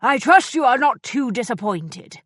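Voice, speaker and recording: A woman voicing an elegant silver-haired older gentleman who speaks with dry, courtly amusement, in a lively, fairly high voice in a dry room. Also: measured pace, no echo, heavily acted. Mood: amused.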